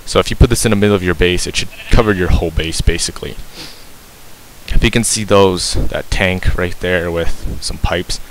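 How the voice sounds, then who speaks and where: A man with a low voice talks through a game tutorial in a loose, rambling way, stopping to correct himself and filling gaps with ums. His heavy breathing comes through clearly on a cheap mic pressed close to his mouth, over a faint hiss. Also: normal speed, rough recording. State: breathing heavily. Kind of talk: casual gameplay tutorial.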